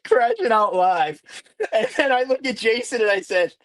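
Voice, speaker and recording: A man talking as a guest racer on a casual live stream, telling animated stories and laughing often. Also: high voice, normal speed, dry recording.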